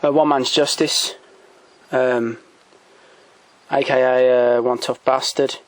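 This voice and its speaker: A man talking casually and haltingly, with many pauses and restarts, giving enthusiastic recommendations as he shows his shelf. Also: medium pitch, little pitch movement, dry recording, poor audio. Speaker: collector showing DVDs. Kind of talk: casual off-the-cuff commentary. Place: home room by a shelf.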